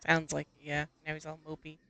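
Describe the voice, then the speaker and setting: A man's voice: a little high, monotone, a little fast, gravelly, sharp tone, slight background noise. A man playing alongside a streamer, giving offhand running commentary on his own play over game voice chat. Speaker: co-op player.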